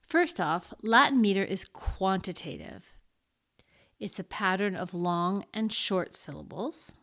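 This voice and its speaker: A woman teaching an introductory lesson, explaining things slowly and deliberately and pausing as she marks examples. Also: mid-range voice, expressive, fairly bright tone. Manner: slow and deliberate, pausing to mark syllables. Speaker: Latin teacher. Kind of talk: slow, careful lesson explanation.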